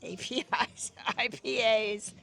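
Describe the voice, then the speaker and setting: A woman in her fifties chatting through a beer tasting on a vlog, her voice gravelly with fry at the ends of phrases. Faint music plays behind her. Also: fairly high pitch, steady tone, slow, bright, forceful tone. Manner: chatty, descriptive tasting remarks. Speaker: vlog co-host.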